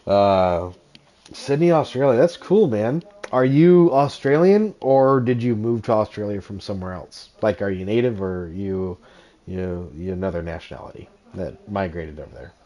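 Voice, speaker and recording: A man's voice: on the low side, expressive, moderate pace, warm tone. Laid-back, chatty man streaming a game. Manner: laughs often, chatty and joking. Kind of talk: casual livestream chat and gameplay commentary.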